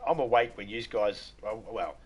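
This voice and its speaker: A man's voice: fairly low pitch, measured pace, slightly rough. An Australian man from Western Australia chatting casually on a live stream, rambling, joking and laughing often.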